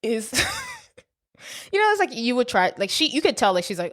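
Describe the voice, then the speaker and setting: A woman's voice: a little high, very animated, a little slow, a bit bright, no echo, clean studio sound. A young woman co-hosting a movie podcast, chatty and opinionated, and she swears freely. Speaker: podcast co-host. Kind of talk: casual movie recap chat.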